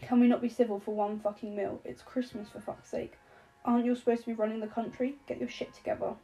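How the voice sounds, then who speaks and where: A woman's voice: a little high, flat delivery, quick pace, mellow, faint music behind, close to an everyday voice, rough recording. A woman reading an audiobook, voicing an impulsive young man who rambles, apologizes and swears. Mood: angry.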